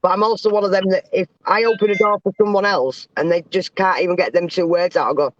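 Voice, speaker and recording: A woman's voice: lowish voice, fairly even intonation, quick pace, no echo. A woman with a British accent hosting a casual podcast chat, blunt and outspoken, with swearing. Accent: British English. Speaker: host. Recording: dry, dull lo-fi sound.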